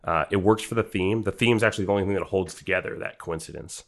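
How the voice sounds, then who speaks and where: A man with a very deep, low voice talks a film over with friends on a podcast. He is analytical and loose, piling on fillers and restarts as he builds his argument. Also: fast talker, a bit bright. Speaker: podcast co-host. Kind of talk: casual film discussion.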